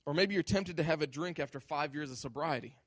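A man's voice: a little high, fast, no echo. A male pastor preaching a sermon with emphasis, often acting out imagined voices.

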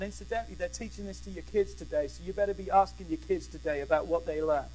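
Preacher, male, high-pitched, rousing delivery, call-and-response, slight mains hum. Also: fast, few pauses, a little mellow, rough recording. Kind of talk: sermon.

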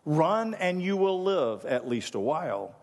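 A man's voice: fairly high pitch, very animated, a little slow, a little mellow, pitched above the performer's own voice. A male preacher acting out a defiant medieval warrior leader giving a stirring speech to his army. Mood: rousing. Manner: declaiming, stirring rally speech. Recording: long reverb of a large hall.

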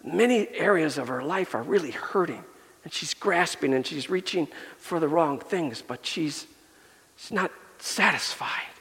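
A male pastor preaching a sermon and telling a personal story, earnest, building up and softening by turns. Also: fairly high pitch, lively intonation, unhurried. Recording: long reverb of a large hall.

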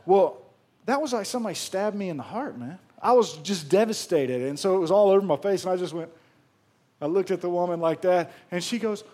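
Joking preacher with a high voice. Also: male voice, a little fast, a little mellow. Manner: humorous, storytelling, engages congregation. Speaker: pastor. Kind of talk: sermon.

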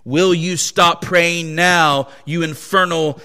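A man's voice: mid-range voice, a little slow, close to an everyday voice. A man voicing a cruel slave master who rages, then begs in terror, heard in a hall with a long echo. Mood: enraged. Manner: shouting threats, later groaning pleas.

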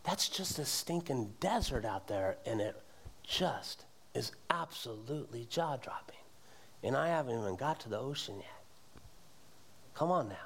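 A middle-aged man preaching a sermon in church, with animated delivery that climbs to emphatic peaks. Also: medium pitch, normal speed. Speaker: pastor. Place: church sanctuary.

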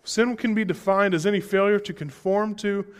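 A man's voice: sits high, steady tone, normal speed, clean tone. Young man preaching a candid sermon. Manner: candid, conversational, with rising emphatic passages.

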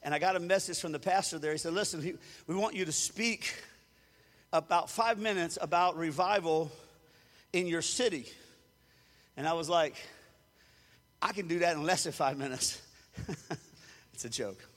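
A man's voice: on the high side, normal speed, long pauses, a bit bright, long reverb tail. A man from Louisiana, preaching a sermon as a storyteller who acts out the quotes and chuckles often. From Louisiana, USA. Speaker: pastor.

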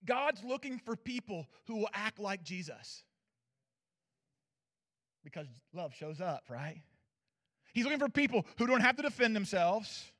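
A man preaching a sermon as pastor, swinging from loud declarations to hushed asides and checking in with his listeners. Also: high-pitched. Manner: asks the audience for agreement.

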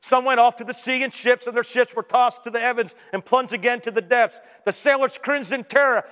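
A man preaching a sermon, telling stories in an animated way and dropping to a quiet voice for emphasis. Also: extremely high pitch, brisk, few pauses, long reverb tail. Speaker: pastor.

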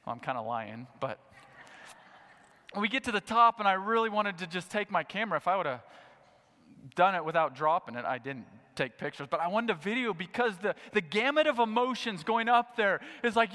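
Middle-aged male pastor, high bright voice, animated delivery with big acted-out reactions, long reverb of a sanctuary. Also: moderate pace. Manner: animated, acts out his own reactions in a raised voice. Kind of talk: sermon.

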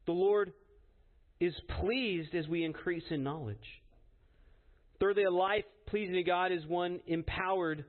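A man with a high voice preaches an earnest, emphatic sermon. He keeps asking his listeners "right?" as he drives each point home. The recording is narrow and tinny, like a phone line. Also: a little slow.

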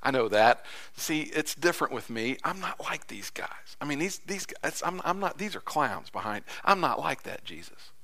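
A man voicing the disciple Peter in a whispered role-play, pleading quietly that he is different from the others. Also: fairly high pitch, sing-song, moderate pace, full character voice. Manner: hushed, insistent. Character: Peter, pleading male disciple confiding aside.

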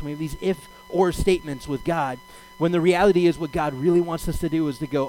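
Animated male rabbi preaching a sermon. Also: on the high side, fairly quick, soft background music, poor audio. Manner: animated, acts out the voices of God and Jacob in paraphrase; conversational teaching with rhetorical questions.

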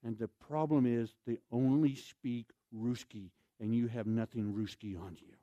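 A man's voice: mid-range voice, steady tone, measured pace, dark tone, no room sound, lo-fi sound. A man preaching a storytelling sermon, acting out scenes and throwing questions to his audience.

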